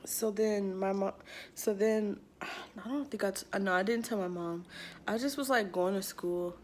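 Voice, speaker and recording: A young woman vlogger casually telling a personal story, slangy and animated, acting out what people said with lots of "like.". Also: mid-range voice, moderate pace, slight background noise. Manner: slangy, animated quoting, many "like"s.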